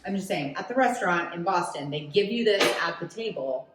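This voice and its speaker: Woman with a lowish voice, playful and chatty co-host, echoey kitchen with music behind. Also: expressive, a little fast. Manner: chatty, teasing, asks questions. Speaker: co-host, cook's partner. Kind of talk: casual cooking chat. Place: home kitchen.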